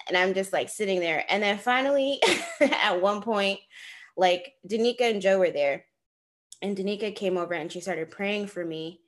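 A woman's voice: mid-range voice, normal speed, fairly bright tone. A woman in her twenties telling a personal story on a podcast, laughing often and dropping to near-whispers for asides. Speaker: podcast co-host.

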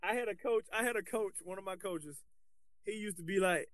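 A man with a fairly high voice co-hosts a casual podcast, talking with loose, animated energy and frequent restarts. The sound is close and dry, with no room behind it. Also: brisk, no echo. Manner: animated, colloquial, restarts often. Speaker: podcast co-host, basketball coach.

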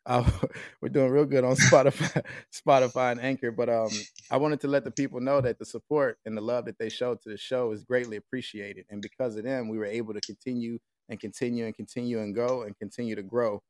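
A man's voice: mid-range voice, steady tone, brisk, no room sound. An American man hosting a podcast remotely, talking in a laid-back, slangy way with lots of fillers. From United States. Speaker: podcast host. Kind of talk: casual podcast chat. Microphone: remote call with a mixer.

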